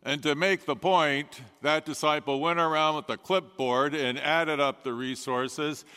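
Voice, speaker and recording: A man preaching a sermon as a pastor, telling the story in a measured way with dramatic pauses. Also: fairly high pitch, fairly even intonation, pushed and bright, smooth. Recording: long reverb of a large hall.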